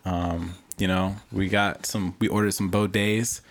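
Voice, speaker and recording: A man's voice: sits low, flat delivery, measured pace. A man co-hosting a podcast, rambling in a laid-back, slangy way. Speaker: podcast co-host. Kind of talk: casual chat.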